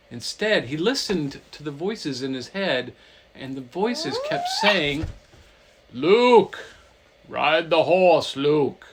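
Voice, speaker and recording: Guy telling a silly story, slow and bouncy, kinda high voice. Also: slightly rough, low-quality recording. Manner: playful, animated, lots of silly voices. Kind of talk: goofy comic storytelling.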